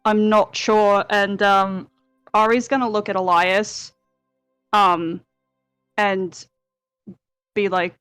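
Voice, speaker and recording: A woman plays a tabletop game, speaking hesitantly with plenty of fillers. Her voice is smooth and clear with a dry, close sound, and she speaks at a slow pace. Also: medium pitch, fairly even intonation, a bit bright, no echo, faint music behind, poor audio. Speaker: player. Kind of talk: casual tabletop play.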